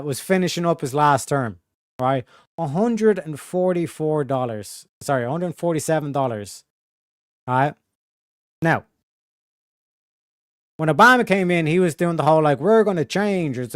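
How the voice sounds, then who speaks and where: A man's voice: fairly high pitch, clear, resonant tone, no echo, studio quality. A young man streaming live, rambling casually in slang and reading out viewer donations. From Ireland.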